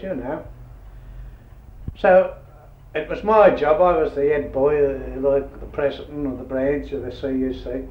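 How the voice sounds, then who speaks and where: A man's voice: on the high side, fairly even intonation, a little slow. An older man telling rambling, earthy anecdotes in an oral history interview. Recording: dull roomy old tape with hiss.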